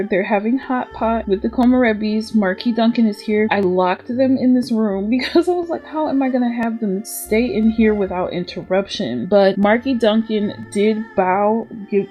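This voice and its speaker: A woman's voice: mid-range voice, darkish tone, low-quality recording. A young woman casually narrating and commenting on her life-sim game story, slangy and talking straight to her viewers. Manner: casual, slangy, talks to viewers, laughs easily. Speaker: Sims storytelling creator.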